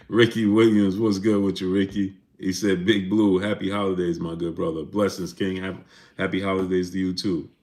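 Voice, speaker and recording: A deep, gravelly-voiced man hosts a boxing livestream, speaking expressively and a little slowly. Reading super chats in casual conversation, he shouts out viewers by name and is talkative and defensive.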